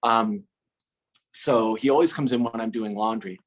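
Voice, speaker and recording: Animated man telling a funny anecdote. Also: mid-range voice, unhurried. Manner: animated, acts out dialogue with many fillers and restarts. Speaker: storyteller. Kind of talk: casual spoken anecdote.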